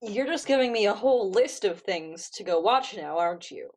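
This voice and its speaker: A woman's voice: medium pitch, expressive, moderate pace. A young woman co-hosting a casual podcast, teasing her partner in a dry, mock-formal way. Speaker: podcast co-host. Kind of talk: casual chat.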